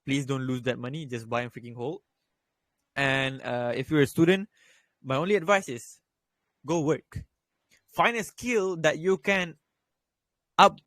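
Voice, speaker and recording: A man's voice: a little high, a bit bright, no echo. A young man and student giving blunt, profanity-laden crypto advice in a casual voice chat, repeating his points. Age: young adult. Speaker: crypto trading voice chat host.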